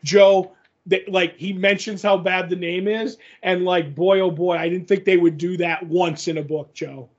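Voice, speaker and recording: A man's voice: high-pitched, fairly even intonation, normal speed, dull audio. A man co-hosting a podcast, rambling casually through a comic recap with fillers and restarts. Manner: rambling, many fillers, restarts and acted quotes. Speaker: podcast co-host.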